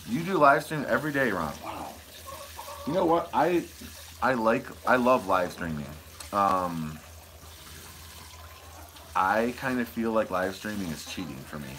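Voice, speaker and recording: Low-voiced michigan guy rambling on a live stream, goofy and chatty, lapel mic outdoors with noise behind. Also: sing-song, a little slow, pauses often. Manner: goofy, rambling, reads viewer comments aloud. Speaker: homesteading channel host. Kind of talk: casual live stream chat. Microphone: wireless lapel mic.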